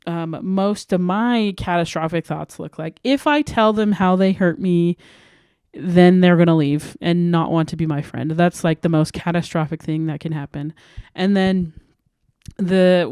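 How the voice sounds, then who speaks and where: A woman's voice: fairly low pitch, a little mellow, clean tone, no echo, studio quality. A young woman hosting a self-help podcast, talking candidly and earnestly and reading quotes aloud. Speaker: podcast host.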